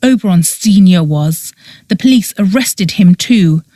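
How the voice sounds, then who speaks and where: A woman narrator gives voice to a fiery young woman in an audiobook, speaking hotly and indignantly. The read is slow and dry, close to the mic. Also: on the low side, lively intonation, dark tone, no echo. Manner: hot, indignant. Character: heated young woman defending her friend. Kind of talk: audiobook character voice.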